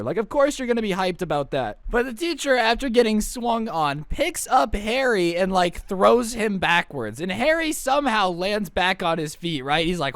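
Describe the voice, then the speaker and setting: High-voiced young man telling a story. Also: lively intonation, moderate pace, few pauses, fairly bright tone, no room sound. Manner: rambling, sarcastic, joking. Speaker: YouTuber. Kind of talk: casual storytime vlog.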